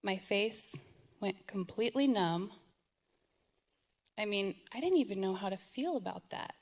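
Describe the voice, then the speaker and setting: A woman's voice: mid-range voice, a little slow. A middle-aged woman giving an earnest, emotional personal testimony as a parent, often repeating herself. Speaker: parent telling her story.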